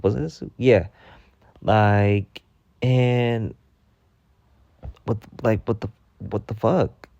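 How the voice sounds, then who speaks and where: Man, storytime vlog, heated profane venting, lowish pitch, dry sound. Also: steady tone, slow pace, creaky, long pauses, warm tone, no room sound, muffled recording. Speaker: storytime vlogger. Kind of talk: ranting storytime monologue.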